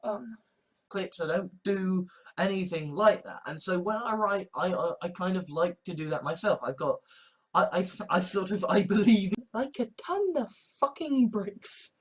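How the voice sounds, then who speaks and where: A man's voice: high voice, lively intonation, unhurried, husky. Stammering man repeating himself. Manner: swears freely. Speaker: video essayist. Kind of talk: casual vlog monologue.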